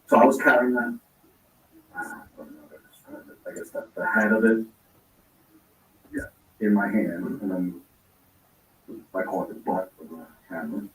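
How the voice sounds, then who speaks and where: A man's voice: lowish voice, normal speed, long pauses, a bit bright. A man telling a long personal story in casual talk, rambling and acting out the lines he quotes. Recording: roomy echo, distant from mic.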